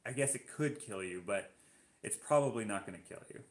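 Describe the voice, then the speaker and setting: A chatty Canadian live-stream host with a low-leaning voice talks fairly quickly in a roomy echo. He casually reads live comments and reacts to them out loud.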